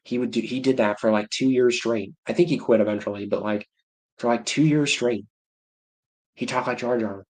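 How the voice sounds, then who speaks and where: A man's voice: mid-range voice, steady tone, moderate pace, a little mellow. Rambling man chatting on a livestream. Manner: rambling, self-interrupting, laughing to himself. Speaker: livestream host. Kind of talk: casual livestream chat.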